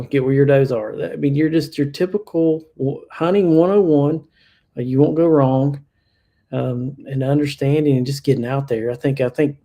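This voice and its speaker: With a warm, mid-range voice, this Kentucky hunter talks casually as a podcast guest in an interview chat. He is plainspoken and uses many fillers and restarts.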